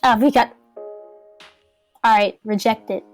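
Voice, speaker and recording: A woman streamer with a high, bright-sitting voice rattles through game build reviews. She gets excitable and mock-outraged, and soft music plays in the background. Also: a little slow. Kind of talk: live-stream game commentary.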